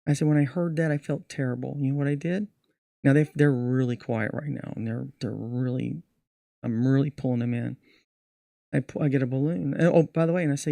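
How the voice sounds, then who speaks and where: A man's voice: mid-range voice, fairly quick, vocal fry, no echo, studio quality. A middle-aged man, a magician, telling stories from his show in a casual podcast interview. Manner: animated storyteller acting out his show. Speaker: magician guest.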